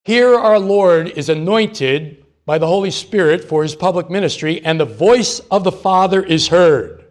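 Man, Bible teacher, slightly high voice, measured, deliberate, reverent. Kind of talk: scripture reading and Bible study teaching.

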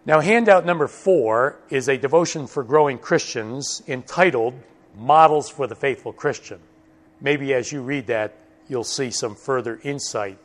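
Emphatic male Bible teacher. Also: mid-range voice. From United States. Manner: slow, emphatic, repeats key words. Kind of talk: recorded Bible study lesson.

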